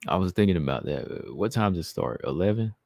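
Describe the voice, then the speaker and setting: A man's voice: low voice, lively intonation, a little fast, gravelly, darkish tone, dry recording. A man hosting a casual live stream, reading viewer comments and answering them in a chatty way. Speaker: livestream host reading chat.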